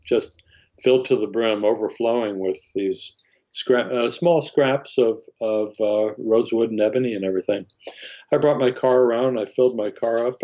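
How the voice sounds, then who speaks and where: Older male interview guest, lowish voice, halting with many fillers, muffled lo-fi audio. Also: warm tone. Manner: halting, with frequent fillers and restarts. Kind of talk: anecdotal storytelling.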